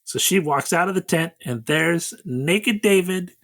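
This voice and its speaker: A man's voice: fairly high pitch, lively intonation, unhurried, fairly bright tone, no echo. A man co-hosting a casual comedic chat, recapping the plot and teasing his co-host in a dry way. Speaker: podcast co-host.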